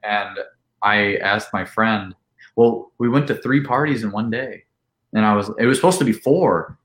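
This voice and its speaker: A man telling a long, animated party story in casual chat, with lots of "like" and acted-out quotes. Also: lowish voice, moderate pace, reverberant. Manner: animated, full of "like", acts out quotes. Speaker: podcast guest.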